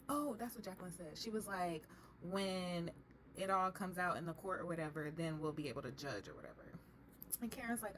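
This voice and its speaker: A woman's voice: deep voice, a little fast, slight background noise. Chatty young woman recapping a show. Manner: chatty, animated retelling with quoted voices. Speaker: reality TV recap host. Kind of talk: casual chat recap.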